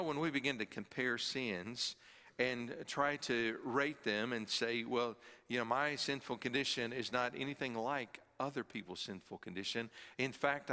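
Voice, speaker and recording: A man's voice: medium pitch, bright, forceful tone, long reverb tail. A man preaching a sermon to a congregation in a church, with emphatic stress on key words. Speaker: pastor. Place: church sanctuary, also filmed. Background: congregation present.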